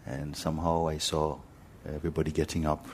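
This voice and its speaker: A man who teaches spirituality, telling a personal story to a gathering in a gentle, unhurried way with frequent pauses. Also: very deep voice, completely flat delivery, a little hiss or hum. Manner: gentle, unhurried, pausing often. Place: talk hall in India.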